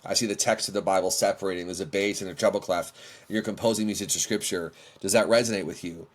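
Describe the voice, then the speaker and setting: A middle-aged man with a fairly low voice tells stories from his own life. He talks in an animated way and acts out what he said back then. He speaks as the guest of an interview podcast. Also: fast talker. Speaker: worship leader, guest.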